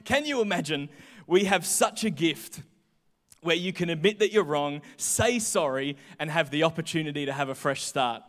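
A young man preaching a sermon, chatty and animated as he tells personal stories. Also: on the high side, moderate pace. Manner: chatty, animated storytelling with voiced asides. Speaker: pastor. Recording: hall reverb.

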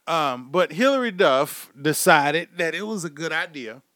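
A man's voice: a little high, animated, moderate pace, few pauses, fairly bright tone, no echo, clean studio sound. A man hosting his own podcast, rambling through a swear-filled comic rant. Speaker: podcast host. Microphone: podcast microphone.

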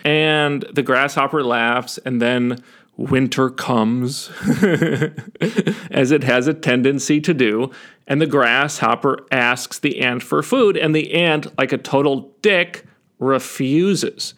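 A man's voice: slow pace, fairly bright tone. A man giving a sarcastic, mocking monologue as a vlogger, retelling fables with jokes and laughs. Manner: sarcastic and mocking, with sudden high jumps.

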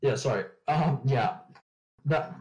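A man being interviewed on a podcast, talking fast and rambling, quick to poke fun at himself. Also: mid-range voice, low-quality recording. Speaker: podcast guest. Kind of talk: casual interview chat.

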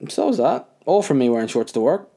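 A young man telling a story in a casual, animated rant, incredulous and full of fillers. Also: medium pitch, fast talker, creaky.

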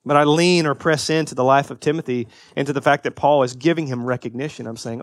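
A man in his thirties preaching a sermon as a pastor. He is earnest, swings from emphatic peaks to quiet confession, and often restarts and repeats his words. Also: mid-range voice, fairly even intonation, fast, hardly any pauses, no room sound.

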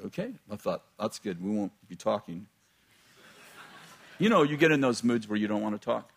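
A man's voice: fairly low pitch, big pitch swings, moderate pace, gravelly. A middle-aged man, a pastor, telling a personal story in a sermon, chatty and laughing at his own jokes, often breaking off mid-sentence.

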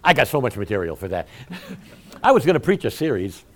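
A man with a brisk, mid-range voice preaches a conversational sermon, joking about himself in an animated, humorous storytelling style and speaking directly to the people in his congregation.

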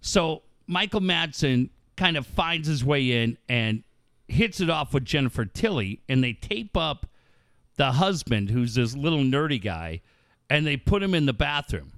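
A man's voice: medium pitch, unhurried, smooth, no room sound, clean studio sound. A man in casual chat, telling crude stories with lots of swearing and laughter. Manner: profane, animated storytelling with frequent laughs.

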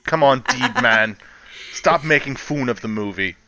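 A man's voice: medium pitch, animated, a little slow, pushed and bright, no echo. A man co-hosting a casual podcast while ill, sounding dry and unimpressed. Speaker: podcast co-host.

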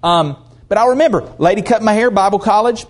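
A man preaching a sermon in a folksy, animated storytelling manner. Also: high voice, brisk.

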